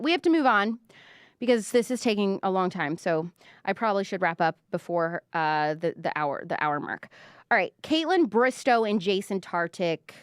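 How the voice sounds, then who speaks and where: A woman's voice: mid-range voice, dry recording, clean studio sound. A woman, hosting a live pop culture show in a chatty, sarcastic way with lots of fillers. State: out of breath. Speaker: host. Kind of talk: casual pop culture commentary.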